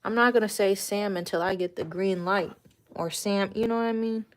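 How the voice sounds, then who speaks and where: A woman's voice: mid-range voice, normal speed. A woman hosting a casual livestream chat from a dim room at home, talking frankly in a rambling way and swearing casually. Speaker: livestream host.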